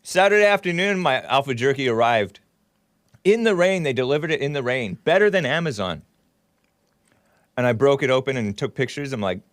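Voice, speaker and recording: A man's voice: mid-range voice, lively intonation, a little fast, a bit bright, no echo, studio quality. A man hosting a podcast in casual chat, chatty and laughing often, sometimes talking while chewing. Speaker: podcast host.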